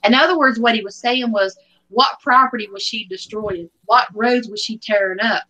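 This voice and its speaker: A woman's voice: on the high side, normal speed, poor audio. A woman chatting casually, telling a story and acting out the dialogue. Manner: animated, acts out quoted dialogue.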